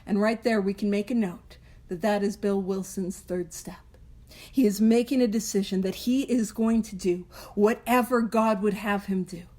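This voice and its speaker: A woman's voice: mid-range voice, fairly even intonation, normal speed, dark tone. A young woman leading a casual recovery book study, chatty and self-deprecating, often laughing and slipping into little character voices. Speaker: study group leader.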